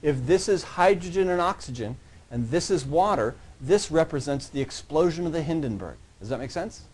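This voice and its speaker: A man with a somewhat high voice teaches a college science class. He talks casually and keeps checking in with his students. He sometimes drifts away from the microphone as he moves around the room. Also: lively intonation, moderate pace, a little mellow, husky. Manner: checks in constantly with "yeah?" and "right?"; conversational, joking with students. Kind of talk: classroom lecture.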